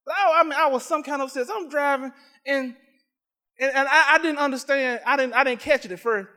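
A man preaching a sermon, telling a personal story in an animated way, stammering and repeating himself. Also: extremely high pitch, brisk. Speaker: pastor.

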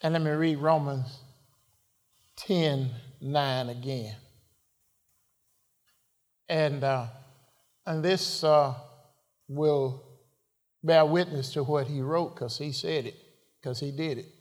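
A man preaching in a slow, deliberate sermon, his voice sitting a little high for a man. He leans on rhetorical questions and swells into sudden emphatic phrases. A long reverb trails each line, like a large church hall. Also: darkish tone.

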